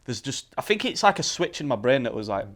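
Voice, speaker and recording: A man, a performer chatting casually as a podcast guest, relaxed and quick with short reactions. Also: medium pitch.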